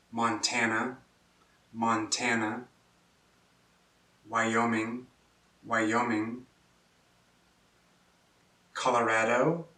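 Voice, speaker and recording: A man speaks slowly and carefully, saying each word twice as if teaching a class. He sits a little back from the microphone, and his voice rings in an echoey room. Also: mid-range voice, pushed and bright. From Kansas, US. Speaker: English teacher. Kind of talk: slow pronunciation lesson. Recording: echoey room, distant mic.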